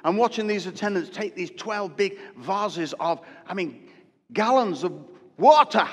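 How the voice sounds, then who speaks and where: High-voiced preacher in reverberant church. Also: male voice, a little fast. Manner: animated storytelling with acted asides. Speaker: pastor. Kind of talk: live sermon. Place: church hall.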